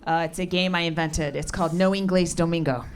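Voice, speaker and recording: A middle-aged woman doing stand-up comedy with crowd work, deadpan, sardonic and profane. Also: fairly low pitch, a little fast, noisy background. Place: comedy club stage. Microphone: handheld stage mic. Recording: live club recording with crowd. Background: laughing audience.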